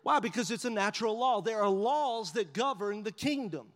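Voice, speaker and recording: High-voiced pastor in a reverberant hall. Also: male voice, normal speed. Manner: animated storyteller, drops to hushed tones for inner thoughts. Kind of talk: sermon with humorous storytelling. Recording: long reverb of a large hall.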